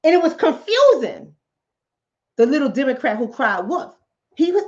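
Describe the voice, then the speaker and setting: A channel host and relationship coach tells political commentary as a fable, acting out the characters' lines in different voices. Her high voice swings widely in pitch at a normal speed with long pauses. The recording is slightly dull and lo-fi.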